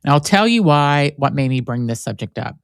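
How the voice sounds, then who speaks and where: A man's voice: mid-range voice, expressive, brisk, gravelly, smooth, no room sound, clean studio sound. A man hosting his own podcast alone, telling stories in a rambling, conversational way full of "like" fillers. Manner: rambling storyteller, frequent "like" fillers. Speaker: podcast host. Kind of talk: solo conversational podcast talk.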